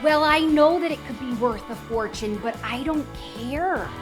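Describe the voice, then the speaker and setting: A woman's voice: sits high, moderate pace, music in the background, voice pushed up, lightly acted. A woman playing a stubborn housewife who firmly scolds a relative over a long-distance phone call. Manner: firm, scolding, exasperated.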